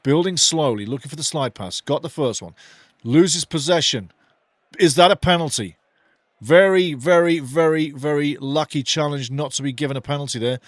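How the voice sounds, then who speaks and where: A man delivering heated watch-along football commentary in a slightly high voice, dry and close to the mic. He calls the action in quick, clipped bursts and speaks bluntly, without holding back. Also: no echo. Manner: passionate, opinionated, blunt and swearing; running play-by-play in short clipped phrases. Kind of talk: live fan commentary.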